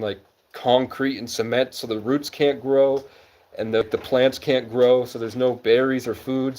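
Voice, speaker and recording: A young man with a somewhat high voice for a guy, talking from outside in the woods at night. He drifts from one thought to the next in a loose, meandering live-stream ramble and swears now and then without fuss. His pitch sits in a middling range. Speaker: livestreamer.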